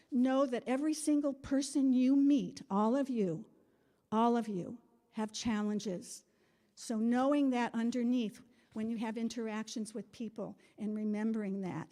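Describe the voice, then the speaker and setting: Middle-aged lady telling her story to the congregation, slightly high voice, rambles and laughs a lot. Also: darkish tone. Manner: earnest, meandering, laughs often. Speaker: congregant sharing a testimony. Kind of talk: personal testimony to a congregation. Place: spiritual center sanctuary.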